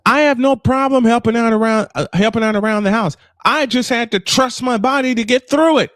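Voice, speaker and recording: A man in his fifties hosts a livestream with his camera off, voice only, venting angrily in an emotional personal monologue. His voice is very high-pitched, a little fast and fairly bright, and he swears and repeats himself for emphasis out of frustration. The recording is dry and studio quality.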